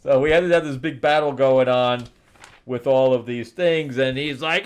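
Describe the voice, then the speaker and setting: A man's voice: medium pitch, moderate pace, clean tone. A man hosting a comic review, casually recapping a story in a rambling way with asides. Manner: rambling retelling with laughs and asides.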